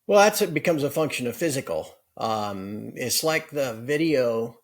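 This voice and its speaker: A man speaking as a guest analyst in a conversational interview, brisk and explanatory. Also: mid-range voice, lively intonation. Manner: brisk, explanatory, with occasional laughs.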